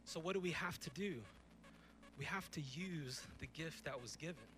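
A young man in his twenties preaches from a church stage with a somewhat high, bright, ringing voice. He talks in a conversational, emphatic way, throwing out rhetorical questions to the congregation. Faint background noise sits under his voice. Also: normal speed, low-quality recording. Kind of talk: youth sermon.

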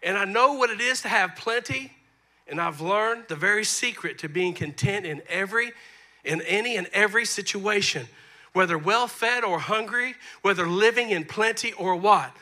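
A man, preaching a sermon as pastor, moving between soft asides and loud emphasis. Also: high-pitched, moderate pace. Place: church sanctuary.

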